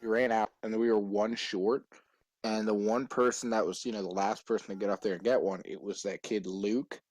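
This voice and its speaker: Young male podcast co-host, lowish voice, easygoing storyteller. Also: fairly quick, dry recording, low-quality recording. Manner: animated storyteller who acts out quoted voices. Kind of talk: casual storytelling chat.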